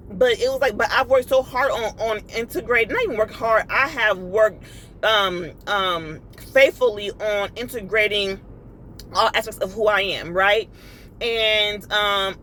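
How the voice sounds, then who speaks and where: A woman's voice: mid-range voice, fairly bright tone, a little hiss or hum, rough recording. A woman speaking casually about her faith and emotions, tearful and confiding, with lots of fillers and repeated phrases. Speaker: inspirational vlogger. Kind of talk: casual spiritual vlog monologue.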